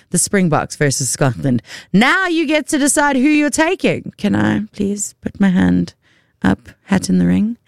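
A South African woman radio host with a bright, animated voice that swings up and down. Her tone is smooth and clear, and the studio sound is dry and close. She chats in a playful, self-mocking way. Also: fairly high pitch, no room sound. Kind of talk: casual radio chat. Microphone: studio microphone.

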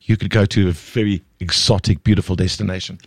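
A South African man hosting a radio talk show, emphatic and animated, often repeating himself. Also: low voice, fast, no echo. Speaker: radio host. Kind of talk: casual radio chat.

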